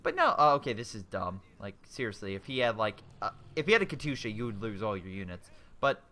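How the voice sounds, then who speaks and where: A young man giving casual commentary over a strategy game replay, excitable and rambling, breaking off into exclamations. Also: on the low side, fast.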